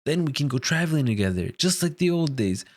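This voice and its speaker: A man's voice: a little high, very animated, quick pace, no echo. A man reading out the lines of an aging giant king, hopeful and grieving, plainly from a comic page. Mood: earnest.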